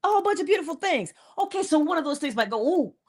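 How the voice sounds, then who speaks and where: A woman's voice: high-pitched, big pitch swings, rapid-fire. A woman hosting an inspirational morning talk, casual and emphatic, repeating key phrases and laughing between points. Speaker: host.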